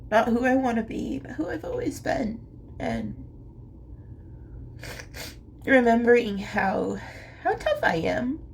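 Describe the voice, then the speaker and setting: A young woman vlogging, speaking through tears in a small voice, halting and soft, with whispery asides. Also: fairly high pitch, sing-song, vocal fry, slight background noise. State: crying. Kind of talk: tearful confessional monologue.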